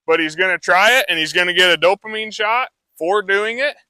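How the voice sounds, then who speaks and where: Talking fairly quickly, a relaxed horse trainer walks a live audience through what he's doing, casual and filler-heavy. His voice is very bright and slightly higher than typical for a man, sounding dry and close with no room sound.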